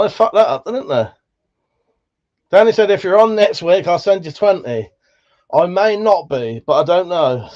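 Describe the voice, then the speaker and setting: A man with a Buckinghamshire accent hosting a livestream, reading out chat in a relaxed, sweary way, laughing often, his voice slightly worn. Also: high voice, highs cut off. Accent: Buckinghamshire English. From England. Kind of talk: casual chat.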